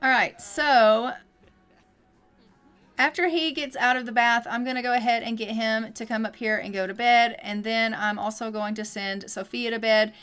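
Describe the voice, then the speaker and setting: Give me a woman streaming a life sim game in chatty, casual gameplay commentary. Her voice is fairly high and bright. She rambles playfully. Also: steady tone, moderate pace, clean tone, soft background music.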